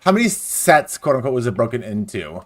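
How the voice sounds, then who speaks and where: A man's voice: mid-range voice, sing-song, a little fast. A man hosting a casual podcast chat, asking curious follow-up questions.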